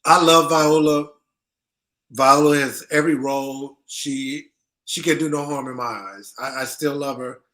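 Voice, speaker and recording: A man's voice: mid-range voice, steady tone, a little slow, fairly bright tone. A man hosting a casual news commentary show, talking in a conversational, emphatic way and often repeating himself. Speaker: host.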